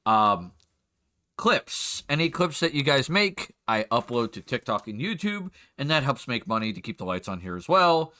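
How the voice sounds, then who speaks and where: A man's voice: medium pitch, sing-song, normal speed, pushed and bright. A man, a game master and streamer, chatting casually and rambling as he sets up the session. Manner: rambling, chatty, self-interrupting.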